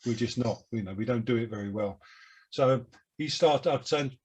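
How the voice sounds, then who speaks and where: A man in his seventies with a London Cockney accent, a guest telling rambling, self-deprecating stories in a relaxed interview over a video call. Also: medium pitch, moderate pace, husky. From London, England. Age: 70s. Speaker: guest musician. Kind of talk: reflective interview chat.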